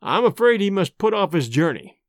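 A man's voice: high voice, very animated, normal speed, no room sound, studio quality. A man as a firm, steely hero.

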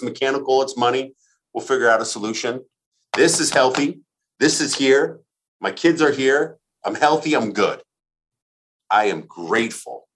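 Podcast guest, male, punchy and repetitive, swings from high to low. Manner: emphatic, repetitive, profane. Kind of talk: motivational casual talk.

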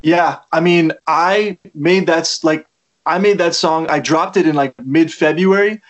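A man chats loosely as the guest in a relaxed interview. His voice sits a little above the usual male range. He rambles with plenty of fillers. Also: on the high side, a little slow. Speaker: musician guest. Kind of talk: casual interview chat. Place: lives in Toronto.

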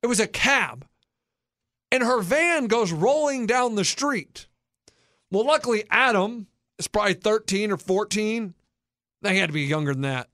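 A man in his thirties with a notably high voice spins a childhood story with lots of energy, jumping into the voices of the people in it. The sound is close and dry, with no room around it. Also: a little slow, no room sound. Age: 30s. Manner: animated, acts out quoted voices. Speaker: podcast host. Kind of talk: casual storytelling chat.

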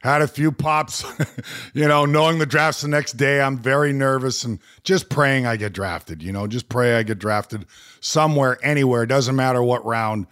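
A man's voice: mid-range voice, normal speed, a bit bright. A man from Canada, a guest in an interview, telling candid stories and laughing now and then. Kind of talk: storytelling interview.

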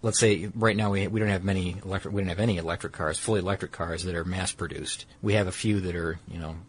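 A man's voice: deep voice, fairly even intonation, fast, breathy edge. A man explaining a technology in casual conversation, rambling and correcting himself with many fillers.

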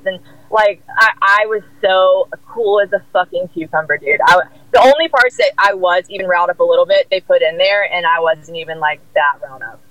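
A woman telling a story in casual chat, rambling and animated, packed with "like" and casual swearing. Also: brisk, few pauses, no echo, low-quality recording. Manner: rambling, lots of "like" fillers and swearing; animated, jumps high in pitch when quoting others.

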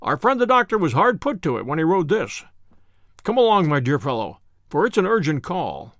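Man reading as a calm, assured detective. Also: on the high side, moderate pace, no room sound, clean studio sound. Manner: calm, precise, explaining. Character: sharp, confident male detective, middle-aged.

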